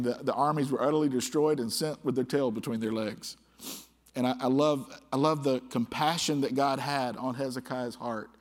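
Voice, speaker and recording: A man's voice: mid-range voice, a little mellow. A man preaching a sermon as pastor, reading scripture aloud with rising, impassioned emphasis. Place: church sanctuary. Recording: church hall with long reverb.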